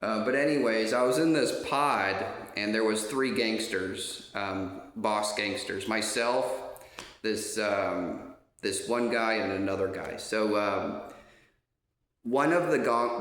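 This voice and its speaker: A man spins a loose, casual anecdote in a lowish voice, wandering through fillers and restarts and swearing without a second thought. The sound bounces around a roomy space, giving it a hollow echo. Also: a little slow, fairly bright tone. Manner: rambling, many fillers and restarts, swears freely. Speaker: storyteller.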